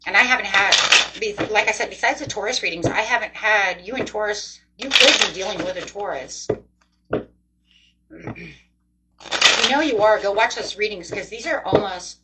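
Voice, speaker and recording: A woman's voice: mid-range voice, moderate pace, very noisy. Chatty emotive woman reading tarot. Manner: chatty and emotive, talks straight to the viewer. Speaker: tarot reader. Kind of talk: casual tarot reading monologue.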